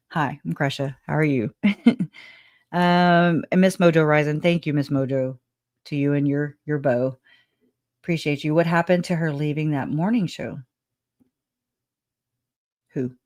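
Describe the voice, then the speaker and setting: Deep and darkish in tone, this woman's voice comes through clean studio sound with no echo. She hosts a casual livestream, reading out viewer comments while rambling, laughing frequently, swearing casually and sounding emotional and grateful.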